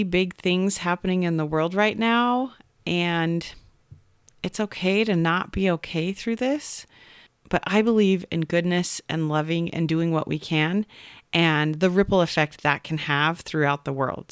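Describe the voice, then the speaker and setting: Earnest woman coach, smooth close voice. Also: lowish voice, no echo. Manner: earnest, animated storytelling. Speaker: podcast host, coach. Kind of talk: podcast storytelling monologue.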